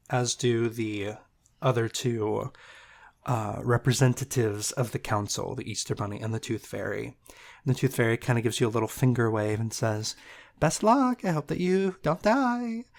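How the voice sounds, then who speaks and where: A man's voice: medium pitch, little pitch movement, moderate pace, creaky. A man narrating a tabletop game as game master, describing scenes at length with many ums and restarts. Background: loud background music.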